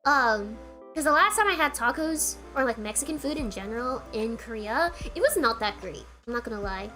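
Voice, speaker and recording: A woman's voice: a little high, expressive, moderate pace, sharp tone, soft background music. A woman streamer telling a rambling story in a casual, giggly way, full of filler words, with her throat getting tired. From United States.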